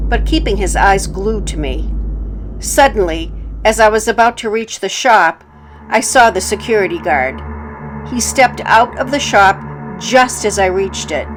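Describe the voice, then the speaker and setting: A woman narrating horror stories for her channel in a calm, measured way. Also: mid-range voice, low-quality recording.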